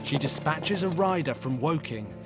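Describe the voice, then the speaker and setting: A man reading scripted documentary narration in a measured, dramatic way. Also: a little high, expressive. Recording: voice-over with loud music.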